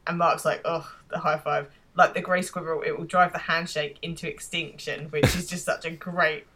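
A woman's voice: low voice, steady tone, moderate pace, bright, forceful tone. An English woman in her thirties, co-hosting a podcast with a wry, dry, complaining way of talking. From England. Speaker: podcast co-host. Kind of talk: casual chat.

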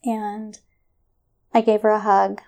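A middle-aged woman telling a personal story in conversation, animated and acting out the voices of others, often laughing. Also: medium pitch, takes it slowly, gravelly. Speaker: guest.

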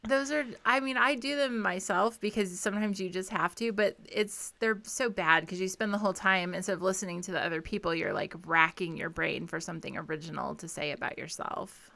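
A woman's voice: on the low side, a little fast, gravelly, hardly any pauses, pushed and bright. A middle-aged woman co-hosting a podcast in casual chat, teasing and laughing. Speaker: podcast co-host.

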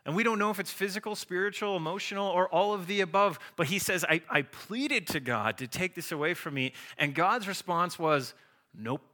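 A man preaching a sermon as a pastor, animated and acting out the voices of biblical figures. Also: high-pitched, a little fast, few pauses.

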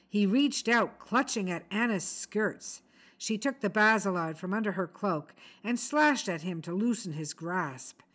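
A woman reading a short story aloud in a measured, expressive storytelling manner. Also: mid-range voice. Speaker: story reader. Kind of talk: scripted narration.

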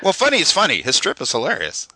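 A man's voice: a little high, wildly swooping pitch, sharp tone, no room sound. A man co-hosting a podcast, chatting eagerly and emphatically about favorite comics. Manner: enthusiastic, emphatic, quick to agree. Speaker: podcast co-host. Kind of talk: casual chat.

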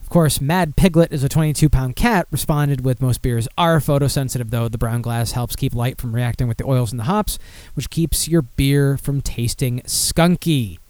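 A man's voice: medium pitch, normal speed, a little mellow, no echo. A man casually hosting a beer podcast, rambling and swearing as he reads listener comments aloud. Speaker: podcast host.

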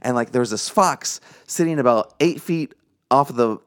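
A man's voice: medium pitch, moderate pace, clear, resonant tone. Man telling a story, casual chat. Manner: animated anecdote telling, acts out quoted lines. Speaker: podcast co-host.

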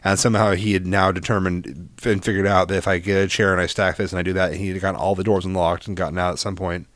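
Young guy podcast cohost, kinda low voice, rambles and swears a lot, dry sound. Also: little pitch movement, fast talker, fairly bright tone, dry recording. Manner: rambling, profane storytelling with restarts. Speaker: podcast co-host. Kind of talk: casual chat.

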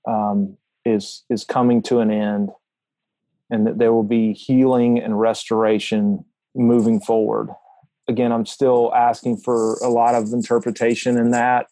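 A man earnestly sharing a spiritual vision in a prayer call, pausing and restarting as he talks. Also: medium pitch, dark tone, no room sound, poor audio. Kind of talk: reflective sharing.

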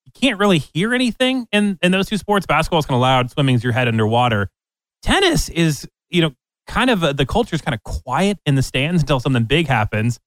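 A man co-hosts a casual chat with a lively voice whose pitch moves a lot. He chuckles as he talks, recorded dry and close. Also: fairly quick, no room sound, poor audio. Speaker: co-host.

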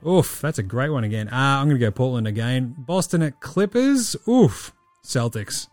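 A man's voice: mid-range voice, expressive, a little mellow, dry recording, faint music behind. Laid-back man rattling off picks. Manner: breezy, profane, rattling off quick-fire picks. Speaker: podcast host. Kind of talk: casual sports chat.

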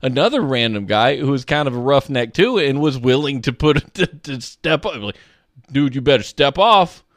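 A man co-hosting a live stream in casual chat, telling animated stories and acting out the people in them. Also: mid-range voice, normal speed, few pauses, dry recording, clean studio sound. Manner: animated storyteller, acts out quoted people. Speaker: streamer co-host.

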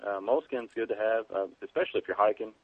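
Low voiced emt guy calling in, phone line sound, laid back and chatty. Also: rapid-fire, dry recording. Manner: easygoing, explains plainly with many fillers. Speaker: EMT guest on a preparedness podcast. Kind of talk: casual interview.

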